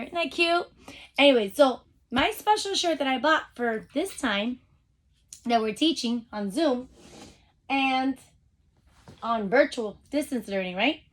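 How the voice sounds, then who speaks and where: A woman teacher giving a phonics lesson to young children over a video call, sounding out letters slowly and cheering them on. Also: a little high, animated. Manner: upbeat, encouraging, speaks straight to the kids.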